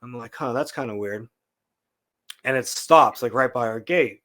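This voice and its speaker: A man guesting on a podcast tells a story casually and with plenty of animation, acting out what people said. His voice sits mid-range and moves at normal speed.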